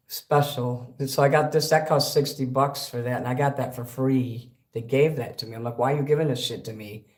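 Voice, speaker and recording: A man hosts a casual livestream, talking at an ordinary middle pitch. He rambles from one thing to the next and swears freely. He gets excitable as he goes. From Chicago. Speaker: livestream host.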